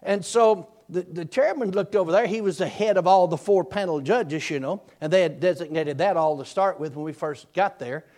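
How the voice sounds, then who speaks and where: A man's voice: high-pitched, normal speed, few pauses, darkish tone. A man preaching a sermon by telling a personal story in a folksy, repetitive way, chuckling as he goes.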